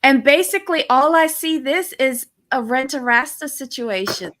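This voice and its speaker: A woman co-hosting a casual recap show, greeting her viewers by name and backing up her co-host with steady agreement. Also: sits high, normal speed. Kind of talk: casual chat.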